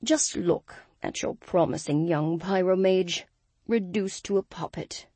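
A woman narrator voicing an arrogant male guild boss who speaks with a crisp English accent and a quiet, menacing sneer. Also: low-pitched, lively intonation, measured pace, no echo, exaggerated voice.

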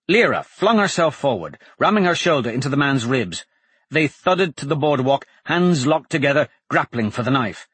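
A man narrating an audiobook in a measured, dramatic storytelling manner. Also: medium pitch, a bit bright, breathy edge, no room sound.

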